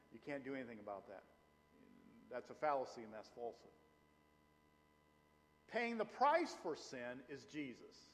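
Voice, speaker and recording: A middle-aged man preaching a sermon as pastor, animated and emphatic, slowing down to stress key phrases. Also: mid-range voice. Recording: long hall reverb.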